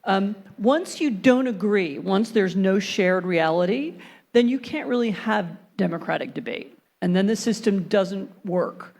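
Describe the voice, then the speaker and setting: Woman panelist, measured analytical talk, careful restarts. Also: mid-range voice, lively intonation, gravelly, a little mellow. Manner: thoughtful, hesitant restarts, then fluent argument. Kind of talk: panel discussion.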